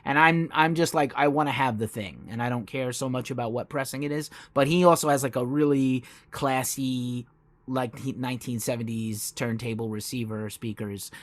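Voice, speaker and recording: A man's voice: medium pitch, fairly even intonation, normal speed, no echo. A man from New York hosting a podcast interview, chatting eagerly and laughing easily with his guest. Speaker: podcast host. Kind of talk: casual interview chat.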